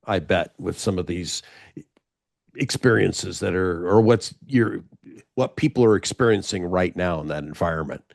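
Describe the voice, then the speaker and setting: A man's voice: deep voice, moderate pace, creaky, dry recording, studio quality. A man hosting a podcast, asking casual interview questions, rambling and restarting his sentences along the way. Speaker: podcast host.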